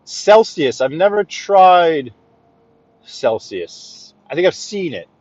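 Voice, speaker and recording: A man with a New York accent chatting to viewers while driving, greeting them by name and often clearing his throat. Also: fairly high pitch, sing-song, takes it slowly, a little mellow, dry recording, lo-fi sound. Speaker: livestream host driving. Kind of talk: casual live-stream chat while driving. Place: inside a car on city streets.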